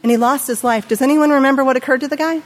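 A middle-aged woman with a high voice preaches an animated sermon at rapid-fire speed, questioning her listeners and acting out the voices she quotes. The sound has a long reverb tail.

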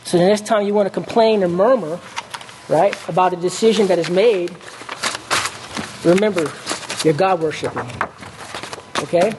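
A preacher giving a sermon who reads scripture aloud, stops often to check with the congregation, and corrects his own slips out loud. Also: mid-range voice, normal speed, pauses often, background noise.

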